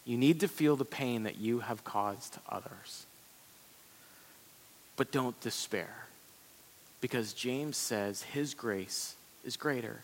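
A man preaching a sermon as pastor, in a conversational, animated way with quick asides. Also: mid-range voice, a little hiss or hum. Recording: long hall reverb.

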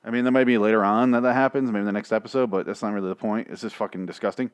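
A man's voice: lowish voice, fairly even intonation, rapid-fire, clean tone, no echo. A man reviewing a TV show in a rambling, profane, sarcastic casual rant.

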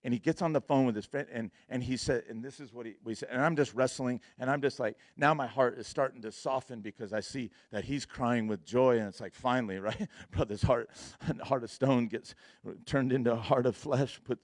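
A young man preaches with easy, slangy warmth, often breaking into laughter as he acts out his own side of a story. His voice sits in an ordinary middle register, and the recording is close and dry with no room sound. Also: medium pitch, dry recording. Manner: laughing often, casual slang, quotes himself in dialogue. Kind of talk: sermon storytelling.

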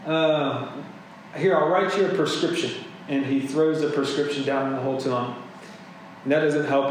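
A man preaching a sermon in a relaxed, conversational way, with chatty asides to his listeners. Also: fairly high pitch. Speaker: pastor. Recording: very echoey room, faint hum.

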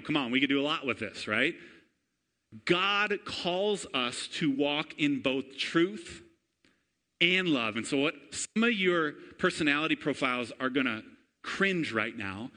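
A man in his thirties preaching a sermon to a congregation, energetic and chatty, often calling out for amens and asking the room questions. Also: fairly high pitch. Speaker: pastor. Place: church before a congregation.

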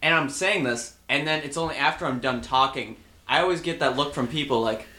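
A man in loose podcast banter who rambles and trips over his words as he goes. His tone is bright and forward, at an average pitch. The echoey room around him is easy to hear. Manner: rambling, halting. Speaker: podcast co-host. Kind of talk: casual banter.

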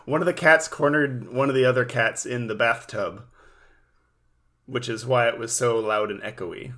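A man's voice: mid-range voice, normal speed, sharp tone. A man co-hosting a podcast, chatting casually and joking in a laid-back way. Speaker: podcast co-host. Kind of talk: casual banter.

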